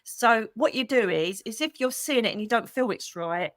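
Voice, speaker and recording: A woman's voice: on the high side, normal speed, dry recording, clean studio sound. A middle-aged woman, a psychic medium chatting casually on a livestream, calling her viewers darling. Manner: chatty and animated, with pet names like darling. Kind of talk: casual livestream chat with members.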